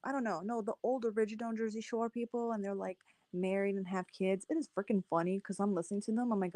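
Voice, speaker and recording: A woman's voice: mid-range voice, steady tone, fast talker, mellow. A woman in her thirties who grew up near Boston and lives in Canada, chatting casually with many "like" fillers and a light Boston accent. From Boston area, later Canada. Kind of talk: casual chat.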